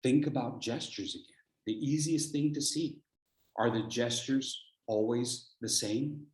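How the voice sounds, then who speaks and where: A man's voice: medium pitch, measured pace, darkish tone. A man presenting a speaking workshop over a video call, playful and teasing, firing off rhetorical questions. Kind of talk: energetic instructional talk. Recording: echoey room.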